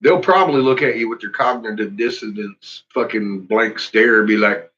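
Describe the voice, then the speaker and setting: On a dull lo-fi recording, a man speaks at normal speed in a medium-pitched, fairly bright voice. He's a vlogger on a casual, profanity-laden rant, laughing a lot as he goes.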